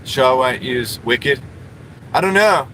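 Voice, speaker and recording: Man streamer, bright voice, loose rambling chat from a parked car on a phone mic, faint hum behind. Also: medium pitch, animated, slow pace, poor audio. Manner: rambling and chatty, many fillers. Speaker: livestreamer. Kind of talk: casual live stream chat reading comments.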